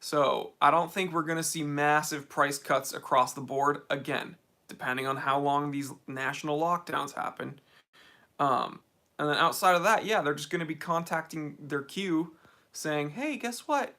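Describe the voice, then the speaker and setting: A man's voice: on the high side, fairly even intonation, normal speed, sharp tone. An American man hosting a casual livestream Q&A from a home game room, reading and answering viewer comments. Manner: laid-back, reads viewer comments aloud. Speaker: host of a watch channel livestream Q&A.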